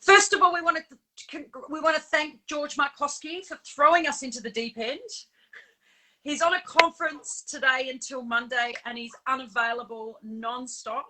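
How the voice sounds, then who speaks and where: A woman's voice: high-pitched, fairly even intonation, moderate pace, noisy background. A woman standing in as host of a live show, chatting casually and animatedly, laughing often and using plenty of fillers. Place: on Bribie Island.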